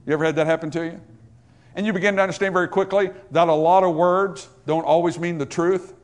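Guy preaching a sermon, kinda high voice, punchy, keeps asking the crowd questions. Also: steady tone, quick pace. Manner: emphatic preaching, rhetorical questions to the congregation. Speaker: pastor.

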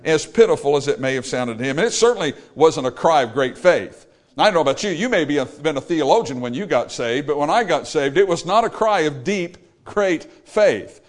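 A male preacher delivering a sermon, rising to loud exclamations and dropping to quiet, low lines. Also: expressive, fairly quick.

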